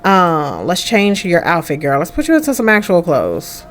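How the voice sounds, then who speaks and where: A woman's voice: lowish voice, wildly swooping pitch, normal speed, slight background noise. A young woman chatting casually through a life-sim game, talking to her character as she plays. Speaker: let's play host. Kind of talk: casual gameplay commentary.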